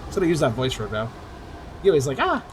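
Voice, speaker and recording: A man's voice: mid-range voice, huge pitch swings, very fast, a little hiss or hum. A man giving casual, chatty let's-play commentary, swearing and joking as he plays. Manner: chatty, swears, laughs easily. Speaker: gamer.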